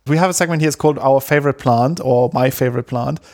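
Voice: mid-range voice, quick pace, a little mellow. Easygoing podcast host, short replies. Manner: brief, easygoing, short agreements. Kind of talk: casual podcast chat.

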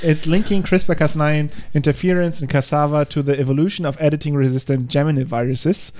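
A man co-hosting a casual podcast, presenting a science paper with halting speech and frequent laughs. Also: a little high, fairly even intonation, darkish tone, a little hiss or hum. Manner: halting, laughs often, stumbles over words. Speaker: podcast co-host.

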